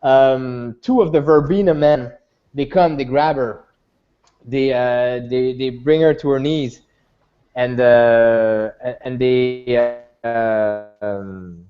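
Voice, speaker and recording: A man narrates a tabletop role-playing game at an unhurried pace, stumbling over fillers and restarting sentences. His voice is muffled and lo-fi, as if heard over an online call. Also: mid-range voice, steady tone, clear, resonant tone. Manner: halting, many fillers and restarts. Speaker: game master.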